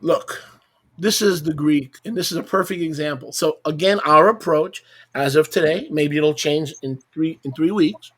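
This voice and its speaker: A man's voice: a little high, normal speed, fairly bright tone, slightly rough. A man leading a roundtable Bible teaching, speaking emphatically with rhetorical questions and mocking asides while sharing his screen.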